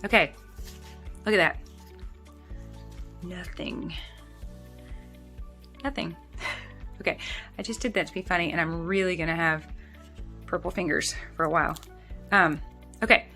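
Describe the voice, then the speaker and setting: Woman vlogger, casual to-camera talk, bright tone, rambling restarts, soft music underneath. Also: on the low side, fairly even intonation, normal speed, long pauses. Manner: chatty, rambling, with frequent restarts and fillers. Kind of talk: casual talking-head vlog.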